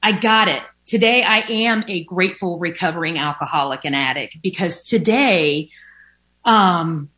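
Woman, recovery testimony, candid and conversational, lowish pitch, forceful tone. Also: a little slow. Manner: candid and conversational, with frequent fillers and occasional swearing. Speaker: recovering alcoholic sharing her story. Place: at home by a sunny window.

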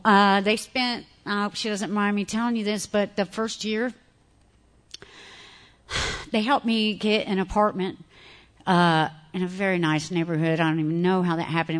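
A woman giving a candid, animated personal testimony to an audience, laughing often as she talks. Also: medium pitch. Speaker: speaker sharing recovery story.

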